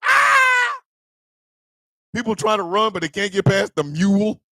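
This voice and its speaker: A male host in a profane, loud comedic live-stream rant who laughs often. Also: sits high, fairly quick, no room sound.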